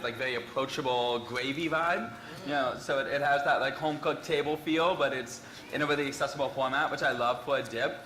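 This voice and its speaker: A man judges a dish at a food contest, enthusiastic and talking like a food critic. His voice is slightly high and bright. The room around him is echoey, with faint ambience. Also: slight background noise.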